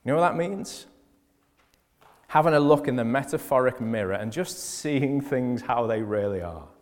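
A man with a Liverpool accent preaching a sermon, stressing key phrases loudly and dropping to quieter asides. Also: medium pitch, lively intonation, normal speed, in a large hall. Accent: Liverpool (Scouse). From Liverpool, England.

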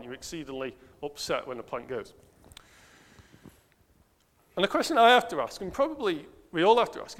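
A man preaching a sermon in an earnest, self-questioning way, asking the congregation rhetorical questions. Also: on the high side. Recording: long hall reverb.

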